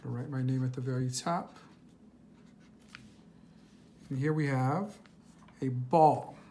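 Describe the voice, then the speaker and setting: A woman teacher reading a worksheet aloud to young children, patient and slow, asking questions and answering them herself. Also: very deep voice, steady tone, dark tone, a little hiss or hum.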